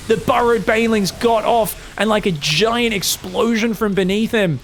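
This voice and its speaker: A man casting an esports match solo, excitable and jokey, with casual swearing. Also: high-pitched, moderate pace, hardly any pauses, slight background noise. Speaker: esports commentator. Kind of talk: solo game commentary.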